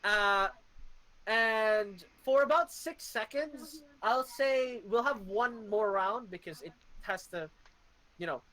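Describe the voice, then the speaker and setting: A man running a tabletop game as dungeon master, laughing often and explaining rules in quick restarts. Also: high voice, bright, forceful tone, rough recording.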